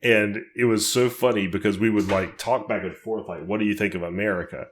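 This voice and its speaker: A man's voice: on the low side, steady tone, a little fast, a little hiss or hum. A man co-hosting a horror podcast in casual chat, laughing often and reading release listings aloud. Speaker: podcast co-host.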